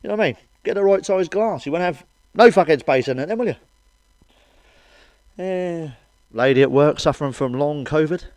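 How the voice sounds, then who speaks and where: A man's voice: fairly high pitch, normal speed, darkish tone, no echo. Sweary man grumbling jokes. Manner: swears constantly, blunt, grumbling rants. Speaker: stand-up comedian. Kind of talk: stand-up monologue to camera.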